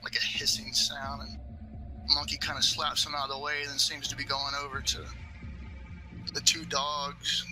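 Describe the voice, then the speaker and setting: A man narrating as game master of a tabletop game, in slow, loose narration with many fillers. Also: fairly high pitch, monotone, rough recording. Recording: faint background music.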